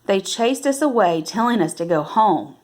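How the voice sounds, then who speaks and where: A woman reading a novel aloud at an unhurried pace, now and then correcting herself and lifting her voice for the characters' lines. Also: mid-range voice, lively intonation, darkish tone, a little hiss or hum. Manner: unhurried, with self-corrections and restarts. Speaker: reader.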